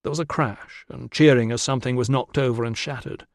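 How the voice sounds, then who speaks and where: A male audiobook narrator reads in an even, mid-pitched voice. The sound is close and dry with no room around it. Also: fairly quick, gravelly, no room sound. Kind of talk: scripted narration.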